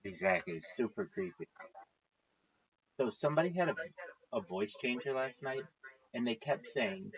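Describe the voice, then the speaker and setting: A man's voice: mid-range voice, a little slow, vocal fry, long pauses, husky. A man telling a rambling story on a casual livestream, swearing often and acting out what others said. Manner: rambling, swearing, quotes others in lively voices. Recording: dull lo-fi stream audio.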